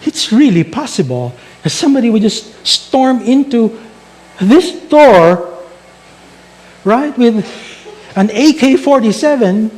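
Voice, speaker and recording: A man's voice: sits high, big pitch swings, unhurried, long pauses, darkish tone. A male pastor preaching a sermon, telling stories and asking rhetorical questions.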